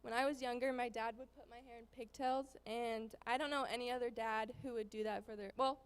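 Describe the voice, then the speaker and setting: A woman's voice: fairly high pitch, steady tone, fairly quick, clear, resonant tone, big-room sound. A teenage girl, a student athlete, giving a grateful thank-you speech with small laughs. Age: teens.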